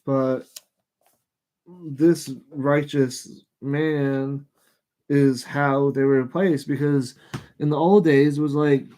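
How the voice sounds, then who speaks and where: A man's voice: mid-range voice, steady tone, mellow. A man hosting a live show, reading Bible passages aloud with stumbles and restarts and breaking off for frank, irritated commentary. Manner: reads passages aloud haltingly, stops to comment.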